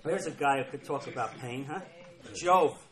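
A man's voice: medium pitch, normal speed, a bit bright, rough recording. A man preaching a sermon, emphatic and repeating key phrases as he reads scripture aloud. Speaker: pastor.

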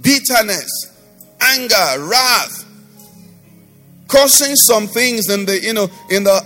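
A man's voice: sits high, animated, slow, long pauses, bright, forceful tone, in a large hall, soft background music. A male pastor preaching and leading prayer, with rhythmic repetition and rising fervent declarations. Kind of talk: sermon with prayer over music.

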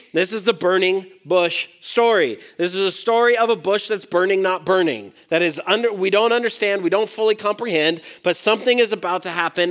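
Animated, high-voiced young adults pastor. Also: male voice. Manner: animated, rising to emphatic peaks and dropping to hushed asides; reads scripture aloud and acts out the quoted lines. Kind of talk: sermon.

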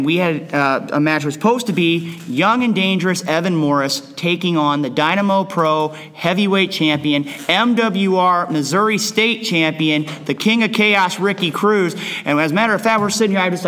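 A man's voice: high voice, a bit bright. A man hosting a wrestling recap podcast in a bar and grill, speaking with repetitive, hype-style phrasing. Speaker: podcast host.

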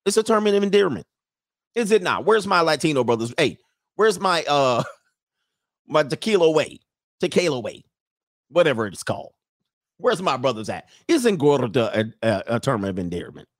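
A man hosting a casual live commentary stream, loud and joking, with slangy asides and drawn-out exclamations. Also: on the high side, big pitch swings, no echo, studio quality. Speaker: livestream commentary host.

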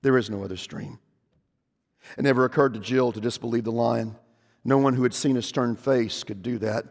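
A man preaches a sermon in a mid-range voice, building into loud, emphatic proclamation when he quotes scripture. He speaks in a church sanctuary, and a long reverb trails every phrase. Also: medium pitch, steady tone, fairly quick. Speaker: pastor.

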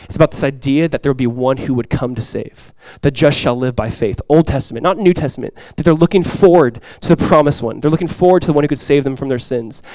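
A male pastor preaching a sermon to his congregation, swinging from loud, impassioned lines to quiet, soft ones. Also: medium pitch, quick pace, few pauses, no echo. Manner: impassioned preaching, swells loud for quoted cries then drops soft. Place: church sanctuary before a congregation.

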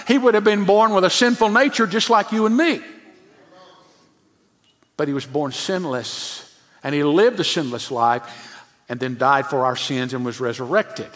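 Male pastor, high voice, emphatic sermon with hushed drops, long reverb in a church. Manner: emphatic preaching, often dropping to a hushed low voice.

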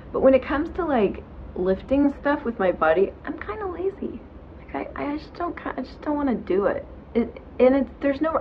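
A woman's voice: mid-range voice, muffled recording, a little hiss or hum. A woman hosting her own show, giving casual self-help talk from home in bed in a frank, chatty way with casual swearing. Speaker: podcast host.

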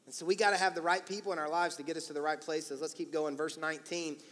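A male pastor preaching an energetic, emphatic, encouraging sermon in church. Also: a little high, fast. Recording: long church-hall reverb.

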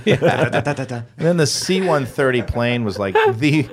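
A middle-aged man, a comedian and actor, telling stories in casual talk-show chat in an animated, profane way with sudden loud, high quoted voices. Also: moderate pace. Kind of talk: casual podcast chat, storytelling.

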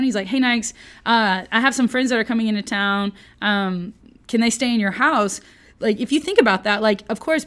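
A woman giving a casual, chatty Bible lesson, playful and full of jokey asides. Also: medium pitch. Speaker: Bible teacher.

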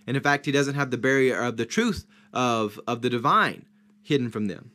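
A man's voice: medium pitch, moderate pace, bright, forceful tone. A man leading a Bible study, teaching point by point, posing questions and stressing key words. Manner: structured, emphatic, points and questions.

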